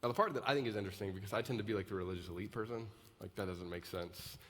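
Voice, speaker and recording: A man's voice: lowish voice, very fast, a bit bright. Man preaching in a reverberant hall. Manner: conversational, building to emphatic peaks. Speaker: pastor. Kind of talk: sermon. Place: large church auditorium.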